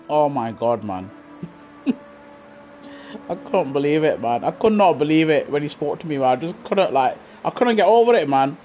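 Guy on a headset streaming a racing game, bit high voice, super excitable and gushy with his chat. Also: moderate pace, soft background music. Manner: effusive and excitable, gushing at viewers. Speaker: gaming live streamer. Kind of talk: casual live-stream chat while racing. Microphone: gaming headset.

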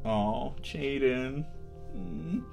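A young man hosting a casual unboxing vlog, talking in an excitable, gushing way with lots of ums and restarts. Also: medium pitch, drawn-out words, gravelly, faint music behind. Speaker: vlogger.

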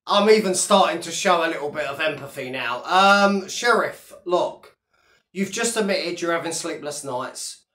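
A man's voice: a little high, expressive, measured pace, bright, forceful tone. Taunting Englishman ranting at a rival. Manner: taunting, repetitive, speaks directly to a rival. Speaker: vlogger. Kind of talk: confrontational video rant. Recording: roomy echo.

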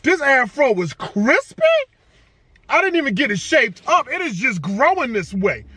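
Energetic male vlogger, high bright voice, playful slang. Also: normal speed, slightly rough, no echo. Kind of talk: casual hype vlog talk.

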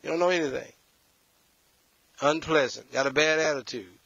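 Brief: male pastor, animated scolding sermon, bright edge, dry close sound. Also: a little high, normal speed, vocal fry, no echo, muffled recording. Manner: animated, scolding, addresses the congregation directly.

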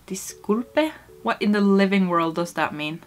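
A woman's voice: mid-range voice, animated, a little slow, soft background music. A woman vlogging casually as she tries to learn Spanish, playful and self-mocking, swearing when she gets frustrated.

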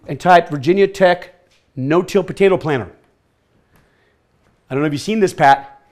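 A man presenting a farming workshop to a live audience, energetic and quizzing the listeners as he talks. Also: sits high. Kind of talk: lively workshop talk.

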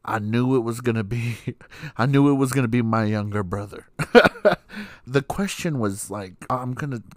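A man's voice: mid-range voice, normal speed, no room sound, clean studio sound. A young adult man hosting a podcast, telling a story in a casual, sassy and profane way, laughing often. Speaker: podcast host.

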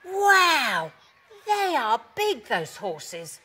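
A woman voicing a naive, excitable young male dog who is amazed by everything. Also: medium pitch, a little slow, breathy edge, full character voice.

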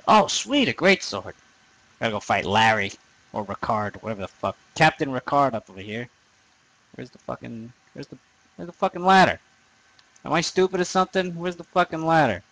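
A young man commenting on his own gameplay in a loose, rambling way, swearing freely and making fun of his own nerdiness. His voice sits at an everyday middle pitch, neither high nor low. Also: expressive, moderate pace, pauses often, a bit bright, no room sound, poor audio. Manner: profane, rambling, self-deprecating. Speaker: gaming commentator. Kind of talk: let's play commentary.

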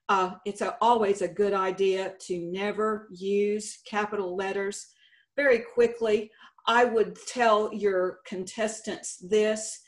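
A middle-aged woman with a Texan accent, a state contest director giving a folksy, lightly humorous conference presentation. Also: medium pitch. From Texas.

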